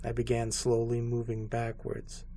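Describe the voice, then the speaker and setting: A man narrating a scripted horror story in a slow, hushed and somber way. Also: medium pitch, completely flat delivery.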